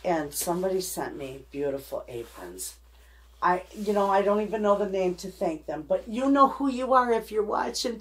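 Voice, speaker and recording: A middle-aged woman hosting a homesteading channel, chatting casually and emotionally to her viewers. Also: mid-range voice. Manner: rambling, heartfelt, emotional. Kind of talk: casual chat to camera.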